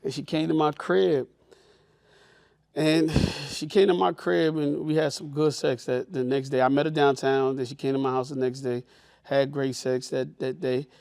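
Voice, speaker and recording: A man's voice: mid-range voice, level tone, normal speed, creaky, darkish tone, no echo, studio quality. A man co-hosting a podcast, telling loose stories in casual chat and acting out the voices of the people in them. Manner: loose storytelling, acts out quoted voices. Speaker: podcast co-host.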